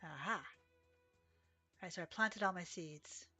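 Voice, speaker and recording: A woman's voice: lowish voice, unhurried, pushed and bright, husky, faint music behind. A woman live-streaming a horse game, chatting casually with viewers, sleepy and yawning, with little gasps and exclamations. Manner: chatty, reads chat aloud, gasps and exclaims.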